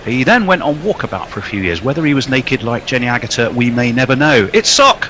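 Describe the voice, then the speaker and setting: A man's voice: mid-range voice, lively intonation, quick pace, background noise. A man hosting a casual podcast chat, introducing guests with playful, jokey billings. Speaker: host.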